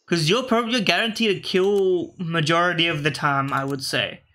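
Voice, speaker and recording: A man's voice: on the high side, fairly even intonation, moderate pace, bright, forceful tone. A man giving casual, rambling commentary over a video game, often correcting himself mid-sentence and talking to his game pieces. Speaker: gaming video host.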